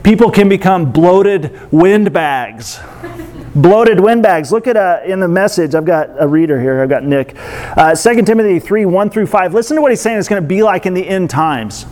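A man with a somewhat high voice preaching to his congregation. He talks in a loose, conversational way, breaking into laughs and little acted-out asides. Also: lively intonation, moderate pace, a little mellow. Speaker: pastor. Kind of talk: sermon.

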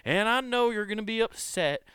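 A man's voice: mid-range voice, lively intonation, fairly quick, fairly bright tone, clear, resonant tone, no echo, clean studio sound, close to an everyday voice. A man voicing a sheepish male dog owner who cheerfully excuses his pet and pleads with it. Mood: pleading.

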